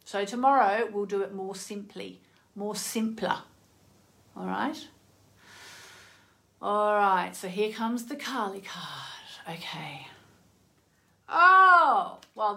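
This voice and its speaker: A woman hosting a casual live-stream card reading, chatty and effusive, reacting emotionally aloud and drifting between soft near-whispers and excited exclamations. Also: medium pitch, creaky. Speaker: oracle card reader and host.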